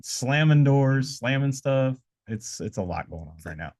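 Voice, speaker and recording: With lively intonation and a slightly slow, slightly mellow mid-range voice, a man hosts a casual live podcast. He drifts through rambling motivational stretches, restarting often and saying "uh," indoors with noise around.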